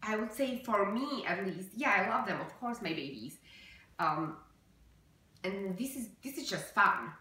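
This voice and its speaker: A woman's voice: mid-range voice, sing-song, bright, forceful tone. Emotional woman, echoey room, far from mic. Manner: earnest, halting, many fillers and restarts. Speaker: vlogger. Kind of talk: personal vlog talk to camera.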